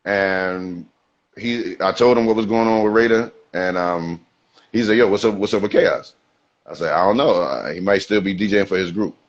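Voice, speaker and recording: A man in his forties, a rapper guest, telling laid-back stories in street slang on a video call. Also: on the low side. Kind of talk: casual storytelling interview. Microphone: video call mic. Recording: dull, lo-fi sound.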